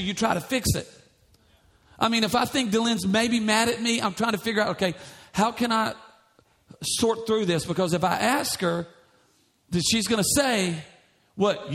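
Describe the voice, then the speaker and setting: Pastor guy preaching, high voice, reads scripture and gets fired up. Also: normal speed, a bit bright. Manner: preaching with rising fervor, reading scripture aloud. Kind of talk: sermon.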